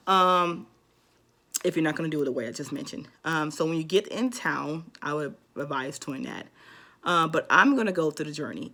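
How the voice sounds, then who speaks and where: A woman's voice: low voice, a bit bright. A woman talking casually to her vlog audience, giving advice in a rambling way with lots of ums and restarts. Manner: rambling, many fillers and restarts. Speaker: vlogger.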